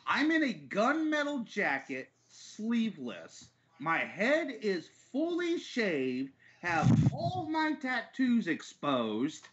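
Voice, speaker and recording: A man's voice: high-pitched, huge pitch swings, slow, few pauses, fairly bright tone, a little hiss or hum. A man telling a laid-back anecdote in casual podcast chat. He swears freely as he talks. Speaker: podcast guest. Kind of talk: casual storytelling. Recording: slightly dull audio.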